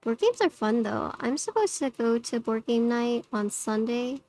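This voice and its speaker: A woman's voice: a little high, sing-song, a little slow, darkish tone, no echo. Chatty streamer woman, faint music behind. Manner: chatty, many "like" fillers. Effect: slightly robotic noise-suppression filter. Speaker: livestreamer. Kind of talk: casual chat with stream viewers.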